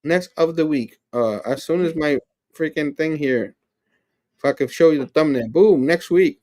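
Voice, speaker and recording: A man co-hosting a casual podcast chat, laid-back and jokey, his voice going hoarse. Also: a little high, moderate pace, darkish tone. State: losing his voice. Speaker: co-host.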